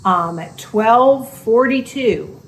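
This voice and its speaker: A middle-aged woman, a homestead channel co-host, chatting casually through a hospital story with quick asides. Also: a little high, lively intonation, a little hiss or hum, rough recording. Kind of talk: casual recovery story vlog.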